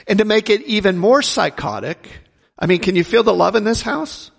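A man preaching a sermon, asking rhetorical questions and swinging between loud and hushed delivery. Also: sits high, lively intonation, normal speed, creaky, in a large hall.

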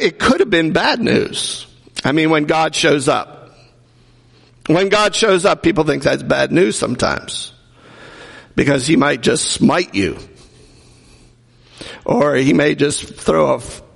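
Gravelly preacher in a reverberant hall. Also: male voice, a little high. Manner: conversational preaching with jokes and acted-out quotes. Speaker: pastor. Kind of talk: sermon.

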